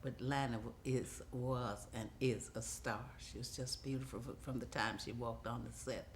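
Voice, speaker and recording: Older actress in her seventies recalling her film work, lively and quick to laugh. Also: rumbling low, a little hiss or hum. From United States. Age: 70s. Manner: animated storyteller, laughs often. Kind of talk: reminiscing interview.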